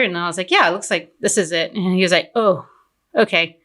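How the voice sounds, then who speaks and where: A woman's voice: mid-range voice, normal speed. A young woman from Fort Worth, Texas, being interviewed about her business and telling stories in a chatty way, full of "like" fillers. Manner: chatty, lots of "like" fillers, animated retelling. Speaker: entrepreneur guest. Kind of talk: casual interview storytelling.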